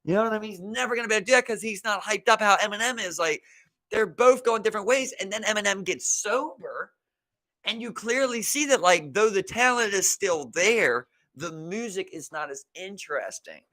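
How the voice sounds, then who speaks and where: A man's voice: high-pitched, brisk, dry recording. A young man with a Baltimore accent co-hosting a podcast, telling stories in slangy casual chat and acting out the people he quotes. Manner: animated storyteller, acts out quotes, slangy, swears. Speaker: podcast co-host.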